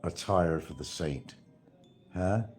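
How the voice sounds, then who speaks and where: An older man talks on his own livestream in a very deep, low register. He rambles from one remark to the next with a sarcastic edge and chuckles at his own jokes. Faint music plays in the background. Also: slow pace. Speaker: livestream host. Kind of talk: casual livestream chat.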